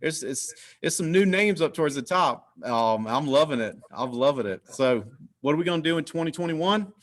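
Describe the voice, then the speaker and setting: A man hosting a team video call, energetic and repeating his points. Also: on the high side, moderate pace. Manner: energetic, repetitive, hyped. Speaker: host.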